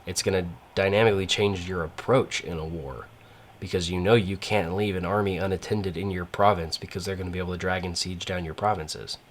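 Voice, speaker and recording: Man, very low voice, rambling strategy-game commentary, faint background hum. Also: fairly even intonation, a little fast. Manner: rambling, many fillers and restarts. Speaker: gaming channel host. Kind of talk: casual gameplay commentary.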